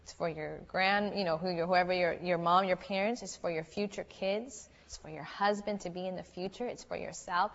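A woman's voice: on the low side, moderate pace, creaky, few pauses, fairly bright tone. Woman youth speaker, earnest storytelling sermon, chatty, long hall reverb, dull muffled sound.

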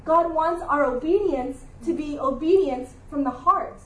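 A woman's voice: high-pitched, unhurried, roomy sound, far from the mic, poor audio. A woman giving an earnest, heartfelt Christian devotional talk in a confessional way. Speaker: Bible study speaker.

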